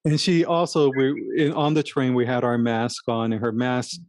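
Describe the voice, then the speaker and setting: A man co-hosting a casual talk show, telling a personal story in a halting, rambling way with many restarts. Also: mid-range voice, darkish tone, no echo, studio quality. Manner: self-reflective, acts out his own inner voice. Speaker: podcast co-host. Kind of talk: casual conversation.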